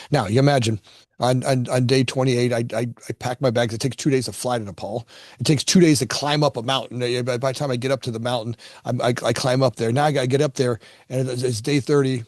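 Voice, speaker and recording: Quick-paced and mid-range, a middle-aged guest from Florida who founded a construction company tells a personal story in a loose, conversational style. Animated, he rises and falls with feeling, restarting phrases and repeating words as he opens sentences. The sound is dry and close, with no room sound.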